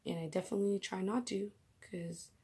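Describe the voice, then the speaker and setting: A woman's voice: medium pitch, steady tone, fairly quick, warm tone, breathy edge. A young woman vlogging casually about her faith, emotional and gushing, often dropping into whispers.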